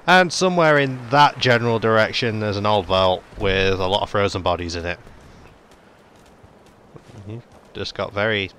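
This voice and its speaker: A man's voice: lowish voice, normal speed, pauses often, fairly bright tone, a little hiss or hum. A man giving jokey, sarcastic, sweary commentary while playing a game. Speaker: gaming video host. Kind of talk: let's play commentary.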